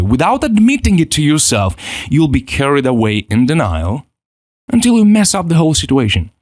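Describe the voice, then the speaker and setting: A man teaching a self-improvement course, his pitch leaping up and down as he acts out the voices in people's heads. He often breaks off and restarts his sentences. The sound is dry and close, with no room echo. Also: normal speed. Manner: animated, acts out inner voices, frequent restarts. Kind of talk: spoken course lesson.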